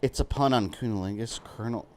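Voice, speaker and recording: Streaming a video game live, a man chats casually with his viewers, rambling, using many fillers, and laughing often. He talks fast in a mid-range voice with a darkish tone.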